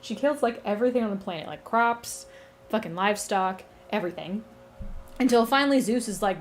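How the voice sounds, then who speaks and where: A woman's voice: mid-range voice, a little fast, faint music behind. A woman streaming who chats casually, retelling a myth in a rambling, profane, giggly way. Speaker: streamer and map maker.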